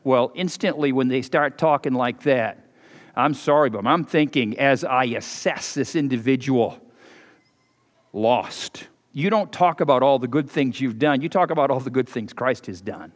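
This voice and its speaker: A man preaching a sermon as pastor, telling folksy stories and leaping higher and louder for emphasis. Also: normal speed. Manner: folksy storytelling, swings loud and high for emphasis. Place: church sanctuary. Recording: preached in a hall with long reverb.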